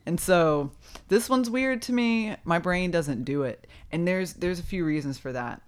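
A woman's voice: lowish voice, lively intonation, a little slow. A woman co-hosting a casual podcast chat, talkative and playful, laughing often. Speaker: podcast co-host.

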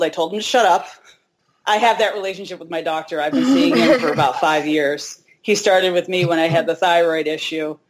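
This interview guest, a hiker in her forties, recounts a personal experience with candor, chattiness, and self-deprecating jokes. The recording is rough, and her pitch is fairly low.

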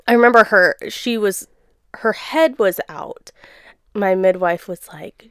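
A young woman recounting her experience in a relaxed, animated chat. Her voice is smooth and clear at a middle pitch. The sound is dry and close. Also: measured pace, no room sound. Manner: chatty, laughing, animated storytelling. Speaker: guest sharing birth story. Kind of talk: casual chat.

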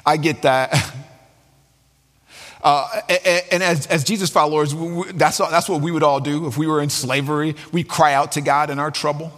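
A man's voice: on the high side, flat delivery, a little fast, hardly any pauses, fairly bright tone. A man preaching a sermon in a conversational way, with colloquial asides and frequent restarts. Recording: long hall reverb.

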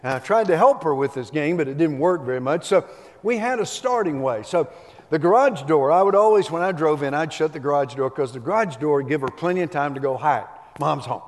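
A man's voice: fairly high pitch, lively intonation, brisk. Folksy preacher man in a reverberant hall. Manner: storytelling, folksy and humorous. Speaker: pastor. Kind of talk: sermon. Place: church sanctuary.

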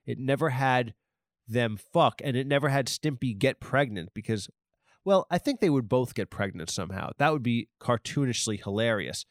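A man hosting a podcast in a rambling, profane comedic monologue, talking excitably into a close mic. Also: medium pitch, moderate pace, no echo. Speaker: podcast host.

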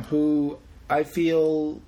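Sweary sarcastic low-voiced woman. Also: completely flat delivery, extremely slow, dark tone, poor audio. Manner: sweary, sarcastic, laughs often. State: feeling unwell. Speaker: podcast co-host. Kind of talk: casual movie review chat.

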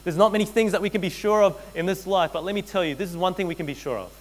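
A man preaching a sermon, earnest and direct, addressing his listeners as friends and repeating key phrases, often dropping to a hushed intensity. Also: high voice, racing, low-quality recording. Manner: addresses listeners as friends, frequent tag questions. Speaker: pastor.

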